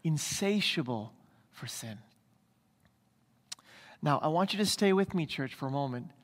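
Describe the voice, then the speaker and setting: A man's voice: fairly high pitch, animated, quick pace, big-room sound. A man preaching a sermon as pastor, emphatic, asking his congregation rhetorical questions again and again. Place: church.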